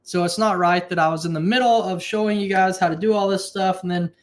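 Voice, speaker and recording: A man with a drawl hosting a casual homestead livestream from his kitchen, reading out viewer comments and chatting, sometimes keeping his voice low. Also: steady tone, fast talker. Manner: chatty, reads viewer comments aloud, keeps voice low at times. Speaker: livestream host. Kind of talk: casual live-stream chat.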